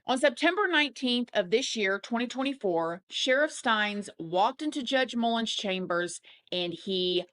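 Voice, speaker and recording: A woman's voice: a little high, fairly bright tone. A woman narrating a true crime video in a chatty way, with casual fillers running through her telling of the case.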